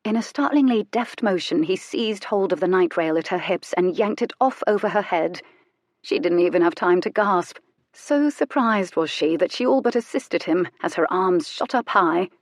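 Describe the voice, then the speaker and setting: A woman narrating an audiobook in an intimate, measured storytelling manner. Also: on the low side, expressive, no echo, studio quality. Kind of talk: scripted narration.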